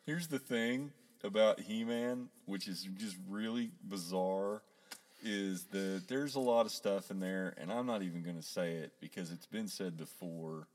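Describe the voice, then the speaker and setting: Brief: podcast co-host, man, lowish pitch, casual and animated, frequent laughter. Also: unhurried. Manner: laughing often, animated retelling. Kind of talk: casual chat.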